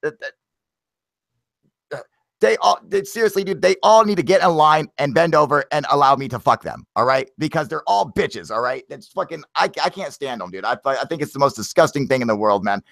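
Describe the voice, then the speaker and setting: A man with a fairly high voice rants with loud, profane emphasis. He hosts a casual talk show, and his voice sits close and dry on the mic, with no room sound. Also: lively intonation, a little fast, gravelly, dry recording. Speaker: podcast host.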